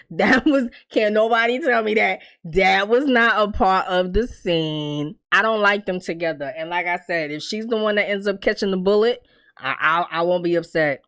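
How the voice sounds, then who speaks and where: A young adult woman giving a casual, profane TV recap, bluntly acting out the characters' lines as she tells the story. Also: medium pitch. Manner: blunt, profane, animated storytelling with quoted dialogue. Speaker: TV recap host.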